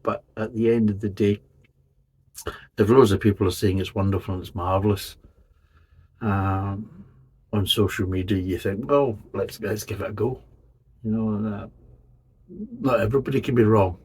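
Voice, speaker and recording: A man's voice: on the low side, fairly even intonation, moderate pace, pauses often, a little mellow, slightly rough. A man, hosting a casual beer review and talking bluntly, swearing and rambling as he goes.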